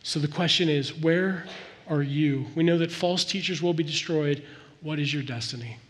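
A man's voice: a little high, normal speed. Man preaching in a reverberant hall. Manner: earnest, conversational preaching, dropping to soft intensity. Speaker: pastor. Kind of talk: sermon.

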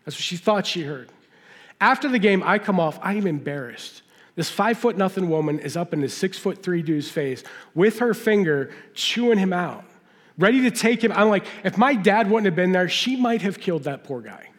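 A man's voice: high voice, expressive, normal speed. A middle-aged man preaching a sermon, telling folksy personal stories and asking the audience questions. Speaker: pastor. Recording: long hall reverb.

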